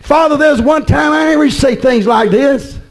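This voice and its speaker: A man preaching a fiery sermon, often shouting with a preaching cadence. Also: very high-pitched, normal speed, rough recording.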